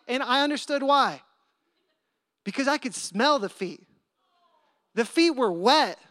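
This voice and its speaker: A man delivers a storytelling sermon with a high, bright-edged voice. He jumps into character voices for the people in his anecdote, keeping it animated. The sound is dry and close. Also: dry recording. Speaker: pastor.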